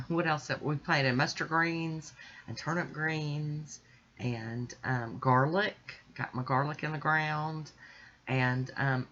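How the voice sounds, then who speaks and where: A woman casually chatting through a nail art tutorial, relaxed and rambling, with small laughs. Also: a bass voice. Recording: dull lo-fi audio.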